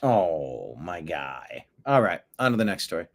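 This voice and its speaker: A man of middle pitch hosts a casual commentary show from a home desk. He speaks slowly with a lively, rising and falling voice. He breaks off often to chat with his cat. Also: creaky. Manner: chatty, talks to his cat between stories. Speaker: host.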